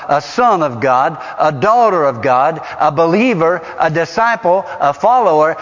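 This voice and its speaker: A man preaching a sermon, emphatic and repetitive, putting questions to the congregation. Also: a little high. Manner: emphatic, repeats phrases for stress; asks the audience rhetorical questions. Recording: dull sound with long hall reverb.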